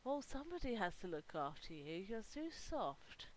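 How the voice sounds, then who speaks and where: A woman's voice: medium pitch, sing-song, normal speed, natural voice. A woman voicing a serious young female gang member who is curt and protective of her partner. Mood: stern.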